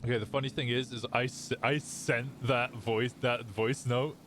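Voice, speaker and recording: A man's voice: mid-range voice, fairly even intonation, moderate pace, background noise. A British man streaming a roleplay game, chatting casually in character, laughing easily and trailing off into restarts.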